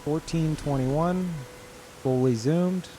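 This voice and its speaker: A man streams a game while commentating live, cursing and sounding disbelieving as he swings from loud outbursts to quiet mutters. He speaks slowly, and there's a faint hiss or hum.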